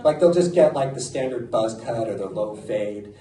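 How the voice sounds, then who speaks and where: A man's voice: mid-range voice, lively intonation, moderate pace, background noise. A middle-aged American man performing a self-mocking stand-up comedy set in a club, with audience laughter behind him. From United States. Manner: punchy, self-mocking delivery. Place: comedy club stage before a live audience. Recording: roomy live club sound from a distance.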